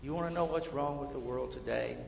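A man preaching a sermon as pastor, swinging between hushed, drawn-out asides and emphatic, rising swells. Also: medium pitch, gravelly, slight background noise. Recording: echoey hall, slightly dull sound.

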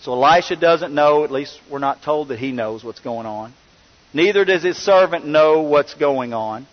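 A man preaching a sermon, telling a scripture story and acting out the voices of its people. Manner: storytelling, voicing characters with rising pitch. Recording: long reverb, dull lo-fi sound.

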